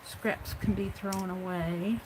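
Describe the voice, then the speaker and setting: A woman hosts a casual craft livestream from home, tidying her supplies while chatting to herself and her viewers. Her voice is medium in pitch with fairly even intonation, and she talks herself through the cleanup slowly and chattily over a noisy background.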